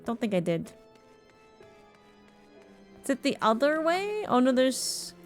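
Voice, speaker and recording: A woman's voice: high voice, big pitch swings, takes it slowly, soft background music. Chatty woman streaming a game. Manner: chatty, reacts and thanks chat. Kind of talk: casual live-stream commentary.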